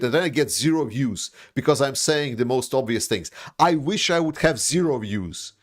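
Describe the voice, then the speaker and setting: A middle-pitched man from the former Soviet region delivers an impassioned political monologue on his livestream. He hammers his points with repetition and the odd burst of swearing. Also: expressive, normal speed, few pauses. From Eastern Europe, post-Soviet. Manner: emphatic, repetitive, swears when angry. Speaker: livestream host.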